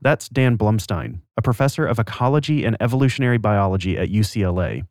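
A man's voice: on the low side, fast talker, a little mellow, no room sound, clean studio sound. Male podcast host narrating from script.

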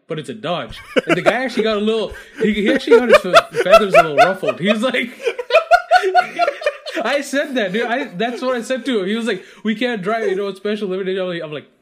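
Speaking quickly in a high-pitched voice, this US podcast co-host laughs often while spinning an animated anecdote laced with swearing. A faint hiss or hum sits under the recording.

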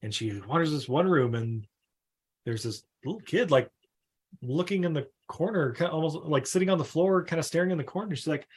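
A man's voice: on the high side, a little fast, a little mellow, breathy edge. A man hosting a film podcast, recapping the plot casually with swearing, laughs and acted-out voices. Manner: laughing, profane, acts out the characters. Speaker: podcast host.

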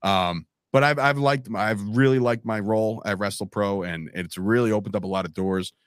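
Low-voiced man telling wrestling stories. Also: moderate pace, clean tone, dry recording, studio quality. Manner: animated storytelling, acts out quoted voices. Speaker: podcast guest, wrestling commentator. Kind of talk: casual podcast chat.

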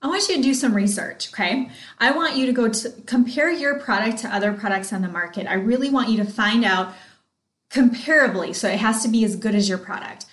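A woman in her thirties, hosting a podcast and coaching on sales in an excited, chatty way, talking straight to her listeners. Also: on the high side, brisk, echoey room. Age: 30s. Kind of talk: casual motivational talk.

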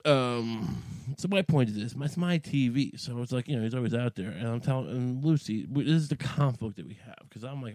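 A man's voice: medium pitch, fairly quick, hardly any pauses, darkish tone, no echo. A man hosting a podcast, talking in a rambling, profane monologue full of restarts and asides. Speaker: podcast host.

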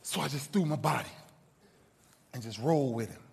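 A man giving an inspirational speech to a live audience, telling a story dramatically and swinging from loud bursts to hushed asides. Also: medium pitch, normal speed, vocal fry. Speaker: motivational speaker. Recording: long reverb of a large hall.

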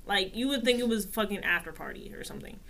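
Bright-voiced woman telling a story. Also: medium pitch, fast, creaky. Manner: animated, profane, swears freely. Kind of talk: casual storytelling chat.

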